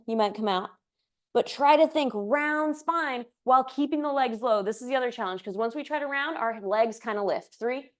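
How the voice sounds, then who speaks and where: Woman, yoga instructor, slightly high voice, out of breath, breath-timed cues, chatty asides. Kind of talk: cueing a live yoga class.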